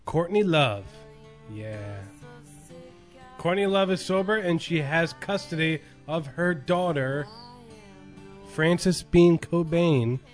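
A man's voice: on the high side, animated, slow pace, long pauses, faint music behind. A man hosting a comedy radio show, teasing his co-hosts and reading out news. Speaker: radio host.

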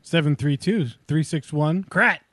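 A man's voice: medium pitch, a little fast, no echo. Male co-host, crude wisecracks, casual banter. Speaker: podcast co-host.

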